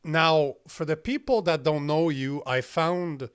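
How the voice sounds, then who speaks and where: A man's voice: on the high side, fairly even intonation, takes it slowly, smooth. A man with a French accent hosting his podcast, blunt and emphatic and swearing casually. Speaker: podcast host. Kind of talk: casual interview talk.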